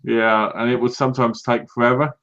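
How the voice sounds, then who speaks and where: A British man co-hosting a casual podcast, telling lively anecdotes and acting out what other people said. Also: mid-range voice, a little fast. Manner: animated anecdotes, acts out other people's lines. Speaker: podcast co-host. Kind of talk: casual chat, storytelling. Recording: dull lo-fi recording.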